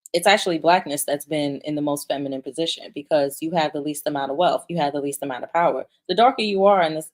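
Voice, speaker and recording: A woman's voice: on the low side, darkish tone. A young woman giving blunt, profane, emphatic commentary, restarting her sentences, and sometimes reading viewer comments aloud. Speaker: commentary vlogger. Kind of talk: opinionated commentary.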